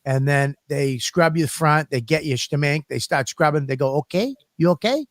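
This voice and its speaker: A man with a fairly high voice tells crude stories in a loose, rambling way, swearing all the time. He sounds close to the mic in a dead-dry room with no echo at all. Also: fairly even intonation, normal speed, a bit bright. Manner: crude, profane, rambling storyteller. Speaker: podcast co-host. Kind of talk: casual comedic chat.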